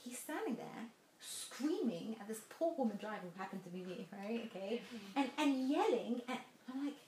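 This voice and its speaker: A woman's voice: fairly high pitch, lively intonation, normal speed, warm tone, echoey room, slight background noise. A woman giving a motivational talk to a live audience, telling stories with laughs and direct questions to her listeners. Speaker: motivational speaker.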